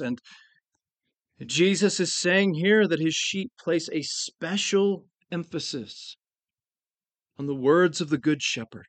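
A pastor preaching in an earnest, measured way, slowing down to lean on the phrases that matter. His voice sits a bit high for a man. The sound is dry and close, with little room around it. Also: lively intonation, dry recording. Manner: earnest, slows down to stress key phrases. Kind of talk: sermon.

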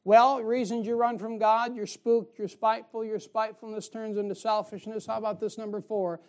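A man's voice: sits high, little pitch movement, normal speed, few pauses, a little mellow. A male pastor preaching a sermon in a folksy way, firing rhetorical questions at his congregation.

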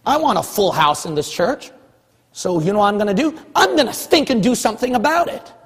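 A man from California preaching a sermon as pastor of his church, hammering one phrase over and over and rising into shouts. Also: high voice, lively intonation, a little fast, breathy edge, big-room sound. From California, USA. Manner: forceful, repetitive exhorting, rising to shouts.

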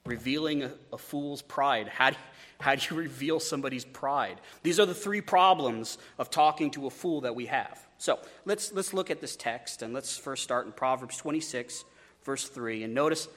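A man's voice: mid-range voice, moderate pace, a bit bright, big-room sound. Man preaching with stumbling repeats. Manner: conversational, stumbling repeats, joking asides. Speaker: pastor. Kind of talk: sermon.

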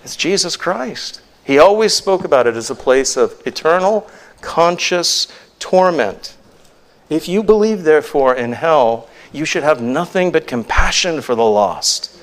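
A man's voice: a little high, animated, measured pace. A male pastor preaching a sermon in an earnest, emphatic way, full of rhetorical questions.

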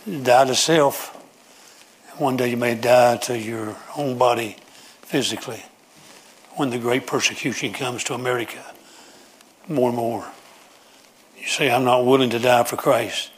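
A man's voice: medium pitch, steady tone, unhurried, long pauses, a little hiss or hum. A man preaching a sermon, emphatic and repetitive as he pleads with his congregation.

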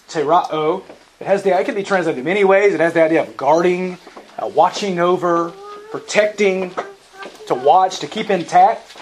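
A man with a high-pitched voice delivers a sermon with emphatic force, repeating key phrases to drive them home. He clears his throat often between points. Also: a little hiss or hum, low-quality recording. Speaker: preacher.

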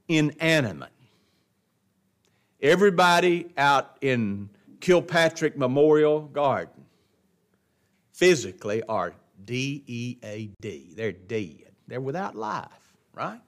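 A man with a drawl teaches scripture to an adult class, his voice sitting a little higher than most men's. He talks in a folksy, emphatic way, doubling back on words and hammering key points like a preacher. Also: fairly bright tone. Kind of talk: verse-by-verse Bible lesson.

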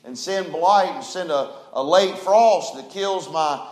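A man's voice: high-pitched, takes it slowly, reverberant. A man preaching a sermon who voices a bitter young male peach grower in a complaining tone. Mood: aggrieved.

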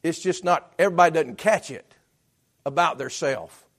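A man with a slightly high voice preaches a sermon as pastor at normal speed. His delivery is conversational, full of restarts, and shifts between loud bursts and hushed asides.

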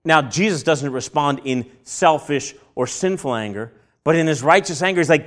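A man preaching a sermon, asking rhetorical questions and answering them himself, and breaking into animated acted-out voices. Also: moderate pace, hardly any pauses. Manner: acts out quoted voices with big jumps in pitch and loudness.

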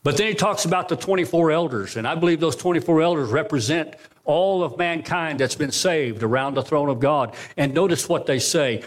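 A man with a fairly high voice preaching from the pulpit of a church. He presses the congregation with rhetorical questions, rising loud and then dropping to a hushed, slow close. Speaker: pastor. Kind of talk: sermon. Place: church sanctuary.

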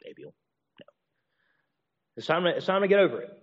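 A high-pitched man with big pitch swings preaches fairly quickly, likely a pastor or teacher. His animated delivery has frequent restarts and repeated words, and he performs apologies in shifting voices. The recording sounds dull with a long reverb tail.

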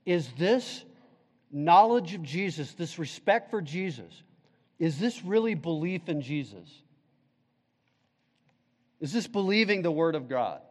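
A man's voice: a little high, big pitch swings, a little slow, pauses often, big-room sound. A male pastor preaching a sermon, emphatic, putting questions to the congregation.

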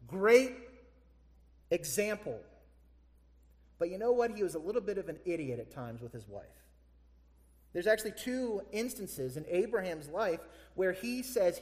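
Animated preacher man in an echoey hall. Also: sits high. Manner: animated, rhetorical questions to the congregation. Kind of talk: sermon.

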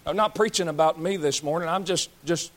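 With a voice on the high side and a slightly fast delivery, a man in his 30s preaches a fiery sermon. As pastor he is blunt and homespun, scolding the congregation one moment and joking with them the next.

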